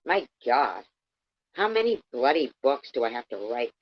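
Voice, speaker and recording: A woman's voice: extremely low pitch, big pitch swings, normal speed, no room sound, full character voice. A woman reading aloud as a jaded, boozy older woman author who sneers through weary complaints. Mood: scornful. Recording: dull lo-fi dry sound.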